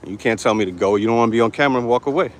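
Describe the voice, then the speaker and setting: A man's voice: mid-range voice, rapid-fire. A man live-streaming from a phone as he walks city sidewalks, talking to the camera in a brash, defiant, profane way, hot and sweating. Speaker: street vlogger. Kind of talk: live-streamed walking vlog. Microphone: handheld phone. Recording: faint outdoor street noise. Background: street traffic ambience.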